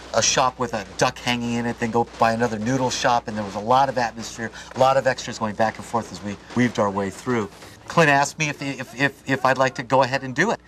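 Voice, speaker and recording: A man's voice: mid-range voice, slight background noise. A man, an actor, telling an anecdote in an interview and acting out the dialogue he quotes. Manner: lively, acts out quoted dialogue. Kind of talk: anecdotal storytelling.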